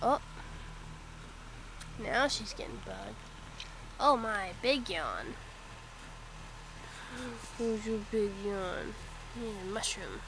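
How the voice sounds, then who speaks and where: A woman's voice: mid-range voice, sing-song, slow pace, pauses often. A woman filming her cat at home on a handheld camera, talking to it in teasing baby talk. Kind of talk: home video narration. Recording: noisy home video.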